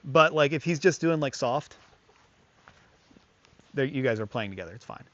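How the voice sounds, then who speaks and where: A man explains dog play in a relaxed, rambling way, stacking fillers and asides as he talks to the family. He breaks into quick bursts of praise and firm commands to the dog. The sound is slightly dull and lo-fi, with a dog audible nearby. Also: medium pitch, dry recording. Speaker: dog trainer. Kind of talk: casual hands-on lesson.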